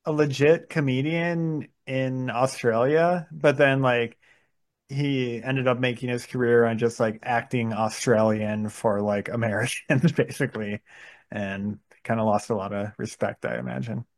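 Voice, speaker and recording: A man's voice: medium pitch, steady tone, unhurried. A man in casual podcast chat, agreeable and easygoing. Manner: agreeable, chiming in.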